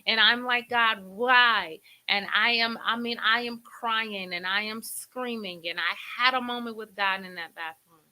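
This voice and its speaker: A middle-aged woman hosts a faith talk show, her voice very bright and sharp. She tells a painful personal story in an emotional, preacherly way, circling back and repeating words as she speaks. The delivery is that of a heartfelt testimony to listeners. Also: mid-range voice, normal speed, poor audio.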